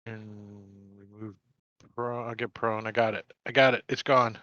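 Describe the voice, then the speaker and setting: A man's voice: lowish voice, level tone, measured pace, pushed and bright, no room sound, muffled recording. A man running a tabletop game as game master, making matter-of-fact rules calls. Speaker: dungeon master.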